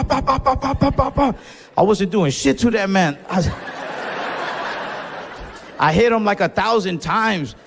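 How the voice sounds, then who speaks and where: A young man doing stand-up, telling a story with animated, profane, self-mocking energy on a comedy club stage. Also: high voice, creaky. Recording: live club with reverb and faint noise.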